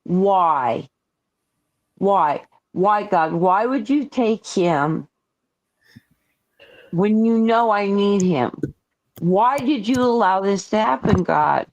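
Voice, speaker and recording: Woman, grieving caller, halting, slow-spoken, searching. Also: mid-range voice, animated, a little mellow, lo-fi sound. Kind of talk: talking through grief.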